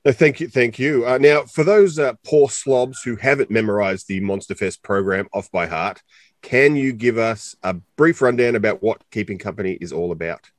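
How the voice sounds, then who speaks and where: A man's voice: on the low side, moderate pace, no room sound. A man with an Australian accent co-hosting a casual interview, chatty and joking, rambling with lots of fillers. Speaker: co-host interviewer.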